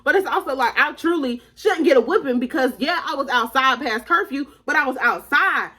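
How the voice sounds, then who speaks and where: A woman's voice: high-pitched, animated, fairly quick, sharp tone. A young adult woman telling her viewers a story in a slangy, casual storytime, often laughing as she talks. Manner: chatty and slangy, addressing viewers as y'all.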